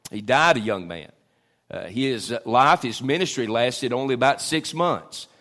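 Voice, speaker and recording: Middle-aged pastor mid-sermon, mid-range voice, fillers, climbs for emphasis. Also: male voice, medium pitch, expressive, unhurried, fairly bright tone. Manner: preaching with frequent "uh" fillers, rising for emphasis.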